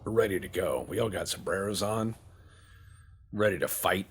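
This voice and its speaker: A man's voice: sits low, expressive, normal speed, a little hiss or hum. A man giving loose, joking commentary while playing a strategy game, rambling and swearing for laughs. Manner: rambling, joking, profane banter. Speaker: game streamer. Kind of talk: casual gameplay commentary.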